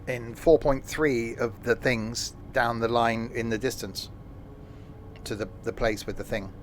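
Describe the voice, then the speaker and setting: A man's voice: medium pitch, fairly even intonation, unhurried, a little hiss or hum. A man streaming a train simulator, rambling and self-mocking, with many fillers. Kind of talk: live gameplay commentary.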